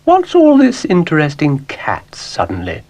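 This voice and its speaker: Man playing genteel motherly cow, high falsetto-ish, gushing and refined. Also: wildly swooping pitch, unhurried, darkish tone, heavily acted.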